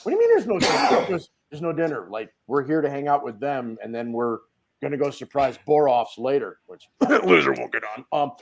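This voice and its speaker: A man, a guest on a video call podcast, telling stories in a loud, casual way and acting out the quotes. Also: medium pitch, normal speed, creaky, slight background noise. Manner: animated storyteller, acts out quotes, swears casually. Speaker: guest, dent repair tech. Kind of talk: casual storytelling chat.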